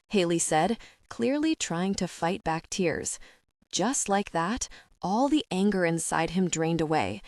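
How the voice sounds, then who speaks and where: A woman narrating a romance audiobook with a steady, expressive reading. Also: on the low side, unhurried, no room sound, clean studio sound.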